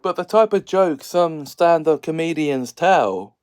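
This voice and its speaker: A man's voice: on the high side, expressive, measured pace, a little mellow, clear, resonant tone. A man hosting a casual solo video, jokey and sarcastic, laughing often between lines. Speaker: video host.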